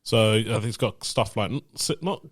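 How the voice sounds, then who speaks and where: A man co-hosting a podcast, giving relaxed, rambling explanations in a casual chat among friends. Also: on the low side, moderate pace, no room sound, clean studio sound. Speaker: podcast co-host.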